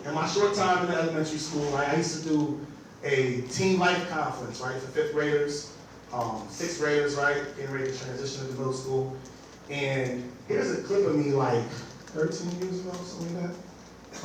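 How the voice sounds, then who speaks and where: A man's voice: fairly high pitch, a little hiss or hum. A man giving a live workshop presentation to teachers, talking conversationally and often asking his audience "right?". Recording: very echoey room picked up from far off.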